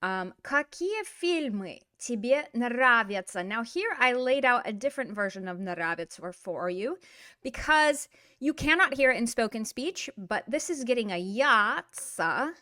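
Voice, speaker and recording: A woman's voice: fairly high pitch, very animated, a little slow, sharp tone, no echo, clean studio sound. A woman giving a casual, chatty language lesson with lots of fillers and an upbeat manner. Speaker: Russian language teacher.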